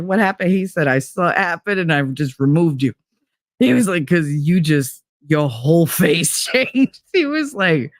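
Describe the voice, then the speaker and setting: A middle-aged woman, a former kindergarten teacher, telling a story in casual talk and acting out the people she quotes with big jumps in pitch. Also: no room sound, studio quality.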